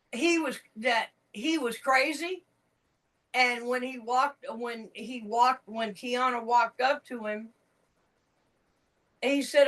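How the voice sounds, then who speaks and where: A woman chatting casually, frank and emphatic as she tells her stories. Her voice is bright and a little high, and she talks slowly. She sounds set back from the microphone. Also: distant mic, low-quality recording. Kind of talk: casual chat.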